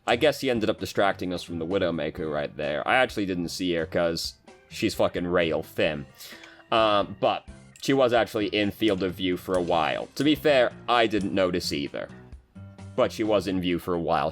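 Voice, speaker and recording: Deep-voiced man with casual commentary. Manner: relaxed, swears casually, frequent fillers. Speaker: game coach reviewing gameplay. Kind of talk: casual commentary over gameplay.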